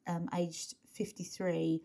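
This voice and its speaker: A woman's voice: on the low side, flat delivery, slow pace, gravelly, mellow. A woman co-hosting a podcast, chatting casually about a song, rambling with lots of fillers and restarts. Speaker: podcast co-host.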